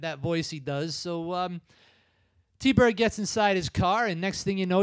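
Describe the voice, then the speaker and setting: A man hosting a podcast, retelling film scenes casually with quick impressions. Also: on the high side, smooth, no room sound. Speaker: podcast host. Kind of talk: casual chat.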